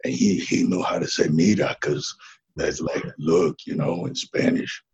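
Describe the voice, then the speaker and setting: A man playing a husky, laid-back ex-wrestler. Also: a bass voice, measured pace, darkish tone, muffled recording, heavily acted. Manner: laid-back, drawling, says "man" constantly. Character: laid-back Mexican ex-wrestler man who hatched from an egg. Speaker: interview guest. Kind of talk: improvised comedy interview.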